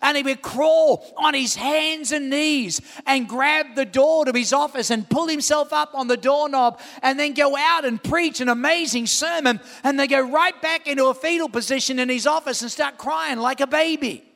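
A man's voice: extremely high pitch, moderate pace, vocal fry, few pauses. A middle-aged man preaching a sermon as pastor, telling stories with energy and calling out questions to the congregation. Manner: animated storytelling preacher, calls out to the congregation. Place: church auditorium. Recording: long reverb in a large hall.

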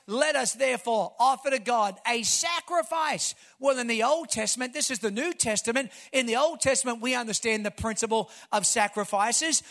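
A man, a pastor preaching a sermon, telling stories and building to shouted emphasis. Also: extremely high pitch.

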